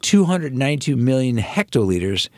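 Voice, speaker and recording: A man's voice: mid-range voice, big pitch swings, a little fast, dry recording, studio quality. A man co-hosting a wine podcast, joking and self-deprecating in casual radio chat.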